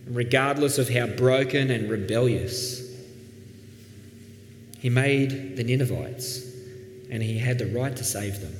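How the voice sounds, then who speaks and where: A man preaching a sermon as pastor, earnest, dropping soft and then rising with emphasis. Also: medium pitch. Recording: echoey hall, faint background noise.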